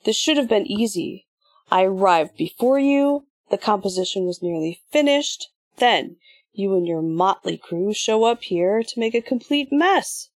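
A woman's voice: on the high side, very animated, moderate pace, creaky, husky, dry recording, voice pushed up, exaggerated voice. A woman voicing an arrogant boy villain who demands answers and rants with scorn, in an audiobook. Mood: demanding.

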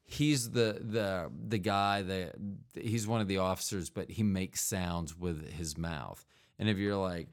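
A man with a slightly low voice hosts a solo comedic podcast. He rambles from tangent to tangent, leaning on fillers and throwing in silly mouth sound effects. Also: fairly even intonation, a little slow. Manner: rambling and digressive, with frequent fillers. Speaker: podcast host.

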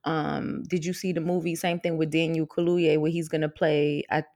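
A woman's voice: low voice, normal speed. A young adult woman co-hosting a podcast, chatting casually and laughing often as she tells stories. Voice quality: laughs often, animated storytelling. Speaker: podcast co-host. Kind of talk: casual chat.

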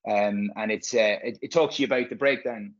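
A man's voice: lowish voice, steady tone, fairly quick, muffled recording. A man, a physio course presenter, chatting casually and frankly, rambling and swearing freely. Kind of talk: casual podcast chat.

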